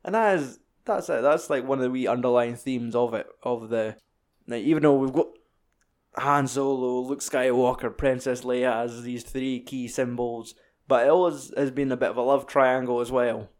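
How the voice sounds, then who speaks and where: A Scottish man in relaxed film chat, mid-pitched and easygoing. He swears freely and keeps slipping into jokey acted-out bits of dialogue. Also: normal speed. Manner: sweary, jokey, acts out film lines in other voices. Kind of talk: casual chat about films.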